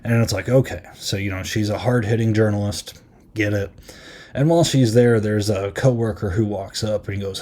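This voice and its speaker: A man with a low, mellow voice talks through a horror film in loose podcast chat. He rambles, leaning on filler words and slipping into brief half-acted quotes of the characters. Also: steady tone. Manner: rambling, filler-heavy recap with frequent "like" and "um"; easily amused, retells scenes with quick half-acted quotes. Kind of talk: casual chat.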